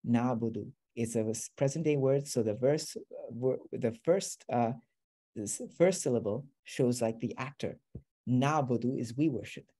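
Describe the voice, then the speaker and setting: A man's voice: medium pitch, normal speed, dark tone. A man teaching a beginner class, explaining patiently step by step. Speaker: Arabic teacher.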